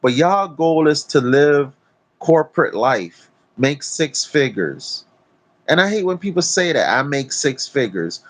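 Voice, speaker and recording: A man's voice: a little high, expressive, a little slow. Profane, preachy man ranting outdoors. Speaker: vlogger. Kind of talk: blunt talk-to-camera rant. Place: outdoors in nature.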